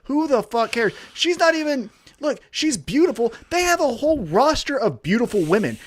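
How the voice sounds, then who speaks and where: A man's voice: very high voice, very animated, moderate pace. A man co-hosting a podcast, ranting heatedly and profanely about a storyline. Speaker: podcast co-host. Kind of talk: profane wrestling podcast rant.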